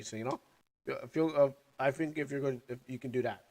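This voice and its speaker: A man's voice: medium pitch, darkish tone. A young man who is sick and coughing chats casually as a streamer. He rambles and halts while sucking on candy. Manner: rambling, halting, talking with candy in mouth. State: sick, coughing, recovering lungs. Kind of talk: casual livestream chat.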